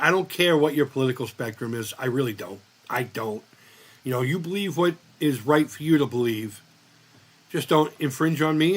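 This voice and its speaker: A man hosting a livestream who rambles through stories and swears freely. His voice sits a little on the high side, and he talks in a loose, casual way. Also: a bit bright. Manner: profane, rambling storyteller. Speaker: livestream host.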